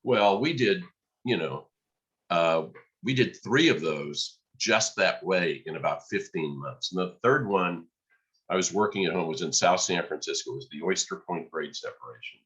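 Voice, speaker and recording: A man, a podcast guest, telling a lively story and acting out the dialogue. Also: deep voice, moderate pace, highs cut off. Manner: animated storyteller, acts out quoted dialogue. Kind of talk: storytelling in conversation.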